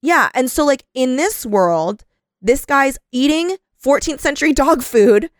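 A young woman co-hosting a podcast in casual chat, animated, swearing often and laughing a lot. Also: high-pitched, unhurried, no room sound, studio quality. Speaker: podcast co-host.

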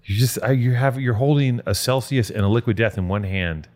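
A man at an ordinary middle pitch holds the floor in a loose comedy podcast. He rambles, swears freely and jumps from one riff to the next, restless and hard to pin down. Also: brisk, darkish tone. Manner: rambling, profane, restless, riffing. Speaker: podcast host. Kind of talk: casual comedic chat.

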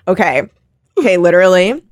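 A woman hosting a podcast in a casual chat, animated and laughing often as she acts out quotes. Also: on the low side, brisk. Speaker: podcast host.

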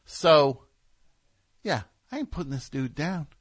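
A man's voice: fairly high pitch, big pitch swings, slow pace, no room sound. A man from New Jersey hosting a call-in radio talk show, riffing in a sarcastic, ranting comic way.

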